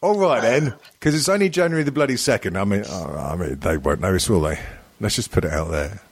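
A man's voice: fairly low pitch, expressive, brisk, slightly rough, no echo. A man co-hosting a podcast, joking around in casual banter with many fillers. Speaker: podcast co-host.

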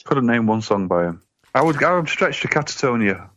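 A man's voice: medium pitch, big pitch swings, a little fast, a bit bright, slight background noise. A man co-hosting a podcast, teasing and laughing through casual banter. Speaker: podcast co-host. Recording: dull lo-fi sound.

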